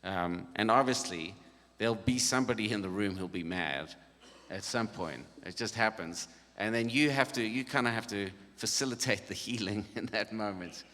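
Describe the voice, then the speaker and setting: A middle-aged man talks through a band workshop in a loose, joking way, his voice bright and forward. The long reverb of a conference hall hangs behind every phrase. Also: fairly low pitch, moderate pace. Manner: easygoing and jokey, with frequent laughs. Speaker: worship leader leading a band workshop. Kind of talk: casual workshop talk.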